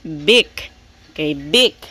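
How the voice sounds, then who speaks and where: A young woman playfully teaching her toddler animal names, praising slowly and imitating animal sounds at home. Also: sits low, animated, pushed and bright, breathy edge. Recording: noisy home recording.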